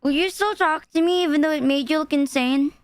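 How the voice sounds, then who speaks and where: Super high voiced woman streaming, chatty and blunt, cusses constantly. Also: a little fast, no echo, studio quality. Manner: blunt, swears often, laughs at clips. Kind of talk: casual reaction stream chat.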